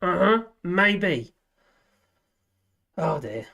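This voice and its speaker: A man's voice: sits high, sing-song, very slow, gravelly, pushed and bright. A man hosting a live stream, chatting casually and reading out viewer comments, rambling with frequent laughs and trailing sentences. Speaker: livestream host.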